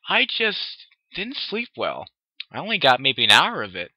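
A man's voice: on the high side, wildly swooping pitch, unhurried, breathy edge, dry recording, pitched above the performer's own voice, heavily acted. A man reading aloud, voicing a tired, bookish young female unicorn with a raised voice, recorded dry and dull. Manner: tired, sighing.

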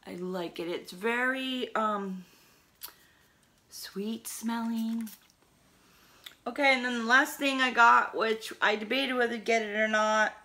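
Hoarse, chatty middle-aged woman vlogger with a gravelly, bright voice, casual haul talk. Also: on the high side, slow, long pauses. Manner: chatty, rambling with fillers.

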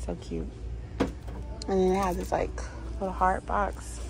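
A woman's voice: on the low side, very animated, measured pace, vocal fry, over music, rough recording. A woman vlogging casually as she walks through a store, chatting and gushing over holiday decor and reading signs aloud. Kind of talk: casual shop-along vlog. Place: inside a store.

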